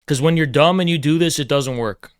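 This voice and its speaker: A man's voice: fairly high pitch, brisk, no room sound, clean studio sound. Brash profane male streamer ranting. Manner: aggressive, profane, repetitive, lecturing. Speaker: livestreamer. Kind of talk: heated livestream rant to chat.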